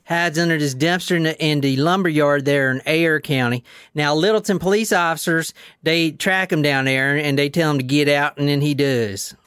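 A man with a notably high voice hosts a loose true-crime chat. He drifts between reading quotes and joking, swearing freely and laughing often. The sound is dry and close, with no room around it. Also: fairly bright tone, clear, resonant tone, no echo. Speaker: host.

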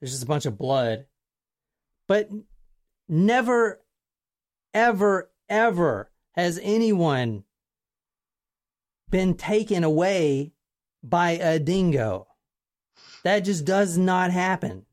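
A woman hosting a casual chat, telling a true crime story in an animated way, swearing casually and acting out quotes. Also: on the low side, slow, long pauses.

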